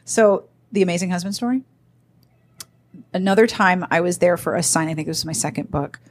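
A woman with a somewhat low voice talks in a relaxed, chatty way, spinning anecdotes for her co-hosts. She is animated, slipping in little voices for the people in her stories. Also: a little fast. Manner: animated storyteller acting out quoted people. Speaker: podcast co-host. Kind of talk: casual storytelling chat.

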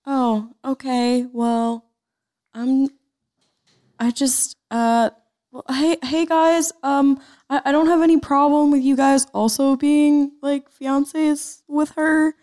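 A woman's voice: high voice, level tone, dark tone, voice pushed up. A woman voicing a shy, nervous young man who stammers and hesitates. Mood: timid. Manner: halting, stammering, timid.

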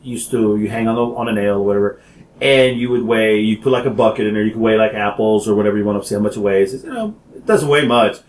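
A man telling childhood stories in casual chat, animated and laughing often as he acts out quotes. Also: lowish voice, fast. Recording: roomy echo.

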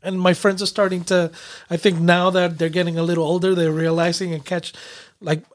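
A man with a notably high voice chats loosely on a podcast. He drifts between thoughts with fillers and quick giggles. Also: level tone. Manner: easygoing, lots of fillers and giggles. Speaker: podcast co-host. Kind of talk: casual chat.

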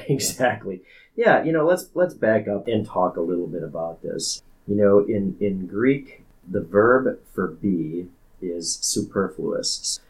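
A man's voice: low-pitched, lively intonation, takes it slowly, darkish tone, rough recording. A man, a pastor co-hosting a podcast, explaining scripture in casual discussion, emphatic and often repeating words as he goes.

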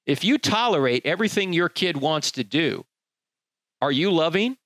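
A male preacher delivers an emphatic, rhetorical sermon. His fairly high voice swoops with lively intonation. The recording is dry, with no room echo. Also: normal speed. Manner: emphatic, rhetorical, acts out quoted people.

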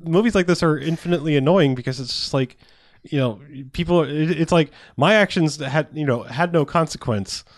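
A man ranting in casual chat about a movie, profane and animated. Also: on the high side, fairly quick, no echo, studio quality. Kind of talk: casual film review chat.

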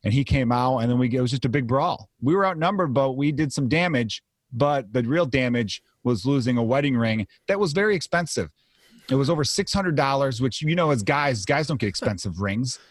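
A man's voice: mid-range voice, animated, a little fast, dry recording, clean studio sound. A comedian in his thirties, telling rambling stories in a casual podcast chat and swearing freely. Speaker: comedian guest. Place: home.

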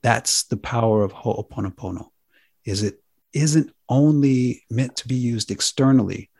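A man hosting a talk show, speaking earnestly and with drawn-out emphasis. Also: mid-range voice, vocal fry, a little mellow, breathy edge, no room sound, clean studio sound. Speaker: host.

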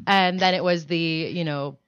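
A woman's voice: on the low side, steady tone, fairly bright tone, clean tone, no echo. Joking woman on a comedy podcast. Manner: quick, joking interjections. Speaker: podcast co-host. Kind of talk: casual comedic chat. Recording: dull dry lo-fi sound.

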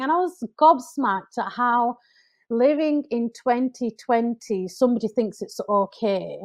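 A woman with an English accent, a podcast guest telling a personal story in earnest, getting animated when she quotes people. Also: on the high side, a little slow. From United Kingdom. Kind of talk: conversational storytelling.

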